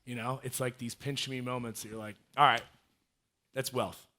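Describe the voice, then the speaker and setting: A man in his thirties giving a casual, animated storytelling talk as a guest speaker. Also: mid-range voice, moderate pace. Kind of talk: storytelling talk to a live audience.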